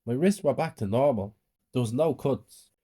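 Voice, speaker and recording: A man telling a first-person horror story for bedtime, in a plain, unpolished manner. His tone is mellow and dark, with a lively, rising pitch. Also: normal speed, breathy edge. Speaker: narrator.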